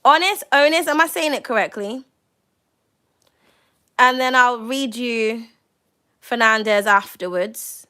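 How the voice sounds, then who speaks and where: A woman giving a live-stream tarot reading, chatty and excitable, swearing freely. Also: a little high, takes it slowly, long pauses, smooth. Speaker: tarot reader.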